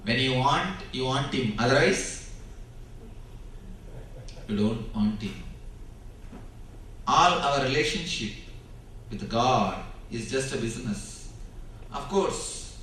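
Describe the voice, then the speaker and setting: A man giving a spiritual discourse, preaching slowly and emphatically with dramatic pauses, recorded in a large hall. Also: mid-range voice, fairly bright tone, recorded from a distance. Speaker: spiritual teacher. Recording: very echoey hall, speaker off mic.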